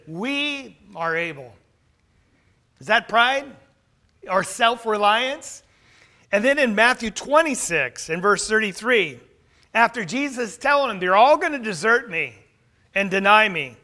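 A man's voice: high-pitched, sharp tone. A man preaching a sermon, earnest, quoting scripture with rising emphasis. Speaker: pastor.

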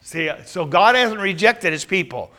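A man's voice: sits high, expressive, unhurried, sharp tone. A man teaching a Bible class, quizzing his listeners with questions and then answering them himself.

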